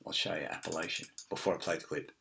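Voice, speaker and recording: A man's voice: extremely low pitch, fairly even intonation, fast, vocal fry, sharp tone, a little hiss or hum. A middle-aged man, rambling in a casual monologue with many fillers, restarts and frequent swearing. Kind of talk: casual screen-share monologue.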